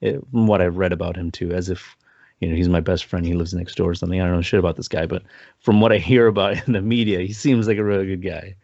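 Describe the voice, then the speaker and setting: A man's voice: low-pitched, fairly even intonation, fast, creaky, darkish tone, no echo. A man co-hosting a film podcast, telling stories in a loose, rambling way and laughing often. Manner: rambling storyteller, laughs often, acts out quotes. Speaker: podcast co-host. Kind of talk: casual film review chat. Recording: dry, dull lo-fi sound.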